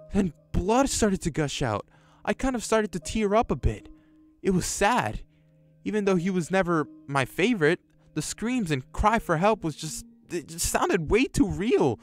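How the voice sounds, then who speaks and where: A man's voice: sits high, very animated, moderate pace, faint music behind. A man casually reads a horror story aloud and adds his own reactions, sometimes swearing. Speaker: YouTube storyteller. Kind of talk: reading a horror story with commentary.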